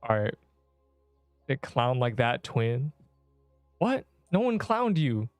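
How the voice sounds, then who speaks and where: Young man streaming a game, smooth voice. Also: medium pitch, sing-song, takes it slowly, no room sound, soft background music. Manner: rambling, slangy, talks to chat while playing. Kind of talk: casual gaming livestream chat.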